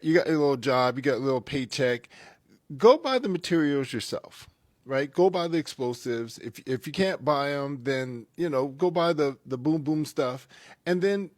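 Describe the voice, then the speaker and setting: A man's voice: fairly high pitch, no echo, clean studio sound. A man commenting on a video clip in a sarcastic, mocking tone.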